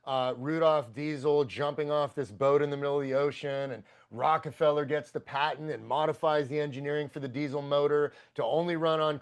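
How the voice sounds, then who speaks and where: A man, a podcast guest, telling a long story in a casual, profane, excitable and rambling way. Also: on the high side, smooth.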